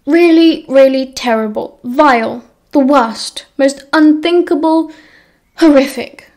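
A woman with a British accent reading the lines of a bitter, dramatic teenage boy wizard who enunciates crisply. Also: on the high side, steady tone, moderate pace, a little mellow, natural voice.

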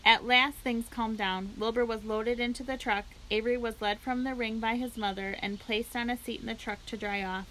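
A woman library storyteller reading a children's book aloud with steady, clear narration. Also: on the high side, moderate pace, few pauses, slight background noise, rough recording.

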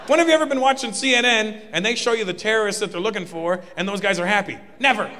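A male comedian doing animated, punchy stand-up at a large live venue. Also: sits high, fast, slight background noise. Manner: animated and punchy, often building to a shout. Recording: live in a reverberant hall.

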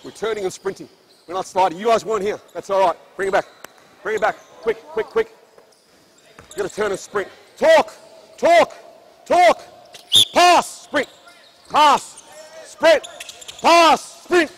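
A man's voice: extremely high pitch, big pitch swings, a little slow, pauses often, fairly bright tone, a little hiss or hum. A man coaching a basketball practice on an indoor court, barking short commands and then explaining drills at length.

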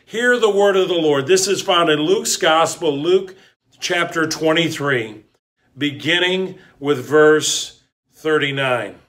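A male pastor delivering a sermon, his voice sitting a little high for a man. He takes his time, letting weighty pauses settle between phrases. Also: a bit bright. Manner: slow, deliberate preaching with dramatic pauses.

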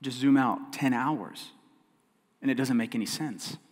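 Earnest preaching pastor with repeated phrases in a reverberant hall. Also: male voice, mid-range voice, measured pace. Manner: earnest preaching, swings between loud emphasis and quiet, repeats key phrases. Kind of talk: sermon. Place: church sanctuary. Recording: long church hall reverb.

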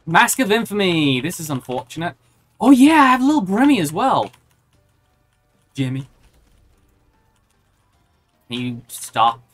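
A woman with a low, slightly bright voice streams a video game, reacting aloud and chatting with her viewers as she plays, giving live gameplay commentary.

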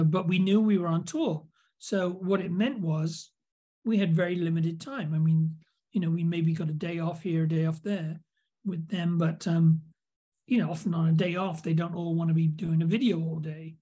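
Slightly high and mellow with a touch of roughness, this older English man is a video producer being interviewed. His casual, anecdotal stories wander, peppered with fillers and restarts.

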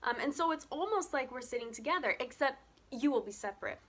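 A woman's voice: high-pitched, lively intonation, fast, fairly bright tone, voice pushed up. A woman doing a prissy little girl.

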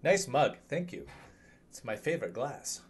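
Slow-talking nervous young man streaming a game. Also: medium pitch, sing-song, slightly rough. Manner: nervous, jokey, chatting with viewers. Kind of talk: live gameplay commentary.

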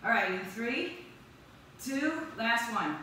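A woman fitness instructor runs a live workout class, calling out brisk counts and cheering the group on with upbeat encouragement. Her voice is fairly high, expressive, pushed and bright. The recording has a very echoey room, a distant mic and faint noise.

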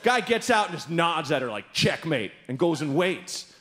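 Lively-pitched man telling a stand-up story. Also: normal speed. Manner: animated, acts out characters with big voice jumps. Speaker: stand-up comedian. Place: live stage before an audience.

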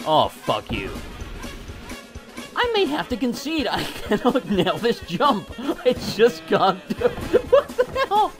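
Swearing, wildly animated gamer guy. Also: high-pitched, takes it slowly, music in the background. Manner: frustrated ranting, frequent swearing, laughs at himself. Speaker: let's play gamer. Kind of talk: gameplay commentary.

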